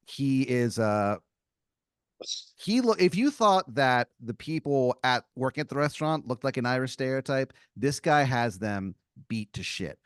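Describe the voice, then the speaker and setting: A man's voice: medium pitch, expressive, unhurried, smooth, no room sound, studio quality. A man on a comedy podcast improvising a second-person story, rambling with lots of filler words. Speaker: podcast co-host telling a scenario.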